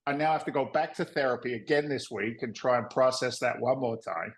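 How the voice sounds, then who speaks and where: A man in his fifties from England, with an English accent tinged by Boston, telling stories as a podcast guest in a lively, joking way. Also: mid-range voice, a little fast, poor audio. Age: 50s. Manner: lively, jokey, acts out voices. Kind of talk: animated interview storytelling.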